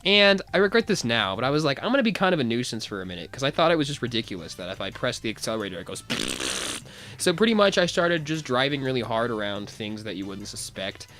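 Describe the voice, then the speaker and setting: Animated young man telling a story. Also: medium pitch, brisk. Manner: rambling, laughing, self-mocking. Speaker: vlogger. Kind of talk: casual storytelling.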